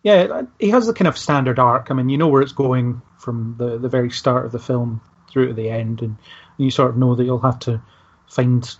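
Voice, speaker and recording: A man's voice: medium pitch, normal speed, husky. A man hosting a casual film discussion, easygoing and hesitant, talking things through with fillers. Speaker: podcast host. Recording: dull lo-fi podcast audio.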